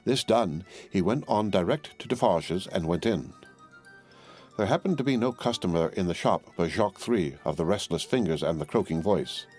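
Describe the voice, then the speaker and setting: A man narrating a classic novel as an audiobook, in measured, even storytelling. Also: low-pitched, breathy edge, faint music behind. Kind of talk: scripted narration.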